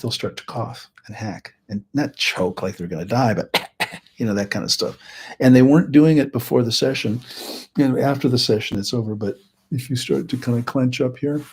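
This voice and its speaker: A man's voice: lowish voice, breathy edge. A middle-aged man hosting a live teaching talk, chatty and rambling, with joking asides. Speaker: host and healing practitioner.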